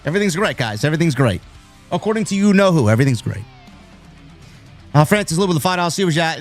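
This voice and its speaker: A man from New York who hosts a live stream, chatting casually and reading out viewer messages, with frequent restarts. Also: fairly high pitch. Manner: rambling, restarts, reads viewer messages aloud. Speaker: host of a wrestling live stream.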